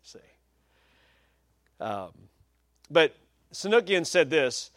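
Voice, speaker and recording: Guy preaching, high voice, punchy emphatic delivery, dry close sound. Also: lively intonation, moderate pace, no echo. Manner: emphatic, varies pace for stress, folksy asides. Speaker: pastor. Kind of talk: sermon.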